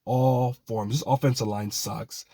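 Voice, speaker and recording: A man's voice: medium pitch, fairly even intonation, unhurried, dark tone. A young man angrily ranting about his football team, swearing and exasperated, repeatedly apologizing for getting worked up. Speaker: fan channel host. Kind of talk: angry sports rant.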